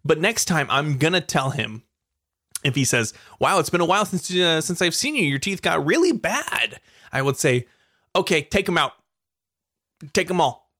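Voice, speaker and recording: Animated giggly woman co-host, dry sound. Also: moderate pace, no room sound. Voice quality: giggly, animated, jumps into high squeals. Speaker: podcast co-host. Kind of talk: casual comedic chat.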